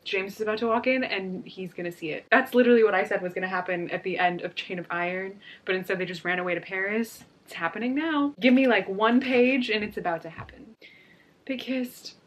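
A young woman vlogging casually about a book she is reading, excitable and emotional as she gushes and frets. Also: medium pitch, a little fast.

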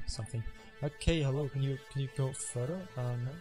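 A man's voice: medium pitch, fairly even intonation, fairly quick, hardly any pauses. Man rambling over gameplay, music behind. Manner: rambling, joking, self-mocking asides. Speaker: gameplay commentator. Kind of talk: casual gaming commentary. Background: game music and effects.

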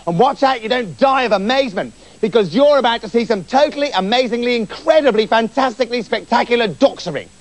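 A man voicing a loud, boastful grown male doctor who shows off grandly. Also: very high-pitched, lively intonation, quick pace, hardly any pauses, pitched above the performer's own voice, low-quality recording.

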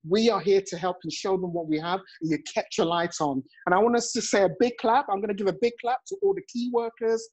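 A man's voice: sits high, fast talker, few pauses, darkish tone, low-quality recording. A man in his forties hosting a motivational live chat over a phone, effusive and chuckling often. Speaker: host and network marketing coach.

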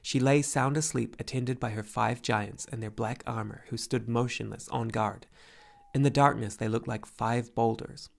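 A man reading a fantasy novel aloud as an audiobook narrator, in an even, measured way. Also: mid-range voice, creaky. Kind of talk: scripted narration.

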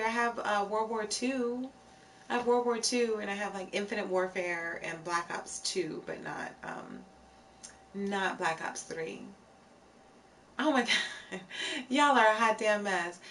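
A woman's voice: medium pitch, fairly bright tone, far from the mic. A woman hosting a live stream, chatting casually with viewers in a playful, giggly way, reading their comments aloud and repeating phrases for emphasis.

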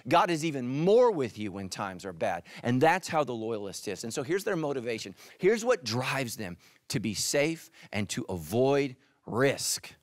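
A man preaching a sermon as pastor, animated and speaking straight to his listeners. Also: medium pitch, no room sound, clean studio sound. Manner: animated, addresses listeners directly.

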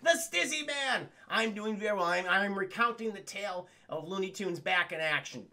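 A man's voice: high voice, steady tone, fairly quick, pushed and bright. A man streaming a casual film recap, rambling and swearing while constantly addressing his chat.

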